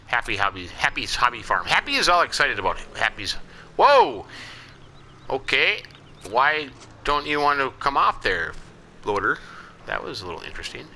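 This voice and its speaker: A man's voice: mid-range voice, big pitch swings, quick pace, pushed and bright, a little hiss or hum, rough recording. A man casually narrating his farming game in a folksy, rambling way, with chuckling asides. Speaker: let's play host.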